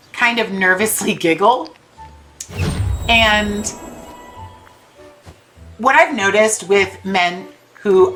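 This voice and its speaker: A woman's voice: on the low side, rough recording. A young woman streamer telling an exasperated story while she plays a game, now and then swearing. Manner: animated, exasperated venting with swearing. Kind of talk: casual storytelling while gaming. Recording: faint game music behind.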